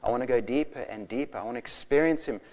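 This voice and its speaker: A man in his forties preaching a sermon, passionate and animated, telling stories with bursts of laughter. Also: mid-range voice, quick pace. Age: 40s. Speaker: pastor.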